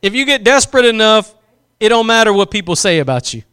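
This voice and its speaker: High bright-voiced impassioned preacher man. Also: very animated, clear, resonant tone. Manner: impassioned, drawn-out emphatic phrases, acts out quotes. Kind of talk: sermon.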